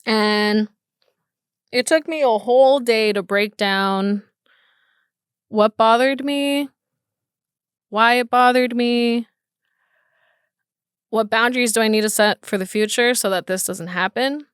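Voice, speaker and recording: A woman's voice: on the high side, takes it slowly, pauses often, clean tone, no room sound, clean studio sound. A woman hosting her own podcast, telling a personal story in a candid, casual way, swearing often and restarting her sentences. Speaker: podcast host.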